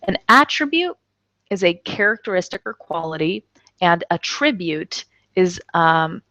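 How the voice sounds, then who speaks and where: A woman's voice: on the low side, sing-song, measured pace, pushed and bright, no room sound. A woman teaching an English lesson in a casual way, reading example sentences aloud and explaining them. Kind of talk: online language lesson. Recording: dull, dry lo-fi recording.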